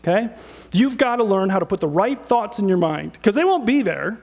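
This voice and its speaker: A middle-aged man preaching a sermon in a church, conversational and animated, asking the audience rhetorical questions. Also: high-pitched, brisk, vocal fry. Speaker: pastor.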